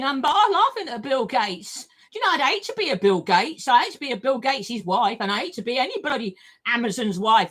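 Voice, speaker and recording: High, lively-voiced older woman. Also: a little fast, slightly rough. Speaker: vlogger. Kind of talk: rambling monologue to camera.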